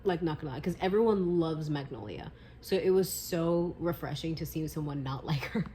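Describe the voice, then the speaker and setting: A young woman filming a reading vlog, reacting emotionally and with lots of swearing as she reads, moving between quiet asides and loud outbursts. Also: low-pitched, normal speed, slight background noise, rough recording. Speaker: book vlogger.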